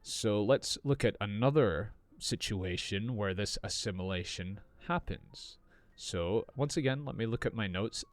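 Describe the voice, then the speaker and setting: A man teaching English in an unscripted podcast, explaining slowly and clearly as he improvises. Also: fairly low pitch, no room sound.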